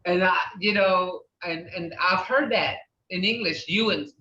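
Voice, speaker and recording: Older woman with an Oklahoma accent, chatty teacher, bright tone, heard distant and dull over a roomy video call. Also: fairly low pitch, a little slow. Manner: chatty, laughs often, acts out sounds. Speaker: language teacher. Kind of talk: casual class talk.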